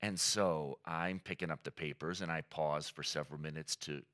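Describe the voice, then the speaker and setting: A man's voice: extremely low pitch, steady tone, moderate pace, a bit bright. A man preaching a sermon as pastor, earnest and emphatic, mixing teaching with personal stories.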